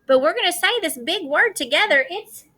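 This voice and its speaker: Bright, high-voiced kindergarten teacher. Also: female voice, expressive, a little fast. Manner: cheerful, sing-song, coaxing young children. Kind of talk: online class morning meeting. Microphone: video call.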